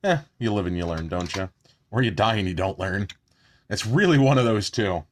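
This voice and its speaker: A man's voice: lowish voice, expressive, normal speed, a little hiss or hum. A man chatting casually at home while doing his makeup on a live stream, joking about himself and swearing now and then.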